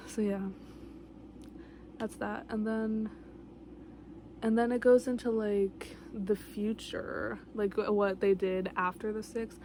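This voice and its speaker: In casual vlog chat, a young woman reviews a book alongside its TV adaptation, rambling and gushing with lots of filler words. Her medium-pitched voice stays fairly even and a little slow, over a noisy background.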